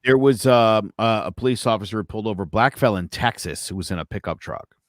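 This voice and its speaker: A man's voice: on the low side, fast, no room sound, studio quality. A man co-hosting a casual podcast, telling stories animatedly, acting out the people he quotes and swearing freely. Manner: animated storyteller, acts out quotes, heavy swearing. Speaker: podcast co-host.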